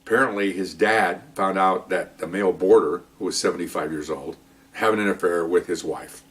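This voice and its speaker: A man rattles off a police story at a quick clip, his voice sitting low and a little far from the mic. He rambles and chuckles through grim details in a loose, casual monologue. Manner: chatty, rambling, chuckling at dark humor. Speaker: retired police officer podcast host.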